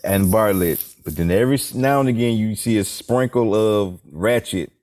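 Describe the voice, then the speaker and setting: A man's voice: fairly low pitch, normal speed, darkish tone. A man, co-hosting a podcast in casual, joking banter. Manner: joking, slips into playful impressions. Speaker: podcast co-host.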